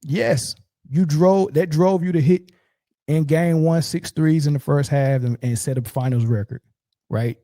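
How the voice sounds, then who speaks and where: Mocking, gravelly sports commentator man. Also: fairly high pitch, a little slow, dry recording. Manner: mocking, profane, animated.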